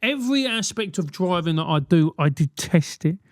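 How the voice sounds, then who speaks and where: Animated ranting man in his forties, high voice. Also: moderate pace, dry recording, studio quality. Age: 40s. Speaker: podcast host. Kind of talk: solo podcast monologue.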